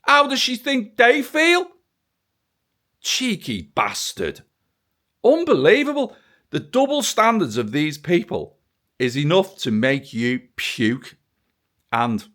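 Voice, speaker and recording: Very animated at a normal pace, a British man rants about politics in a self-filmed video aimed straight at the camera, angry, sarcastic, and swearing. He's a vlogger whose mid-range voice has a fairly bright tone.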